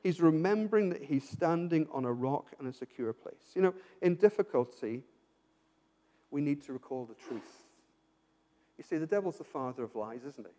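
A male preacher with a fairly high voice delivers an earnest sermon. He asks rhetorical questions and doubles back on his words as he builds a point. His voice rings with the long reverb of a large hall. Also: lively intonation, moderate pace, warm tone.

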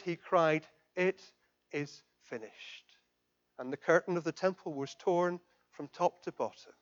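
A man preaching a sermon as pastor, swinging from loud emphatic declarations down to soft, quiet questions. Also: fairly high pitch, muffled recording. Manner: impassioned, rising to loud emphatic declarations then dropping soft.

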